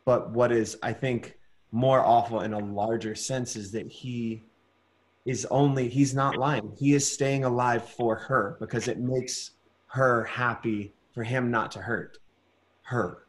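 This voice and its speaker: Gentle encouraging male acting coach. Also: mid-range voice, fairly even intonation, a little slow. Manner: gentle, encouraging, searching for words. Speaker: masterclass teacher. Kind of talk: acting critique over video call. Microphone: video call.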